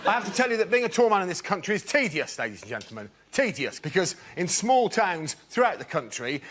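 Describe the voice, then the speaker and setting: A man doing a mock-indignant stand-up rant in a TV studio. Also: on the high side. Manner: exasperated, mock-indignant ranting. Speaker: panelist comedian. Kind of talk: stand-up routine. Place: TV studio with audience. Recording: loud hiss.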